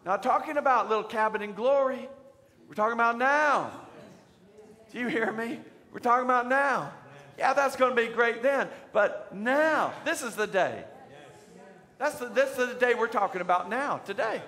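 A man preaching a sermon as pastor, leading call-and-response and building up to shouted declarations. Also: very high-pitched, normal speed. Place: church sanctuary. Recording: church hall reverb.

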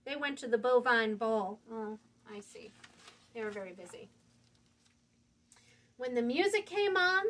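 A woman librarian reading a picture book aloud to young children, animated and sing-song, asking them questions along the way. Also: on the high side, measured pace, pauses often.

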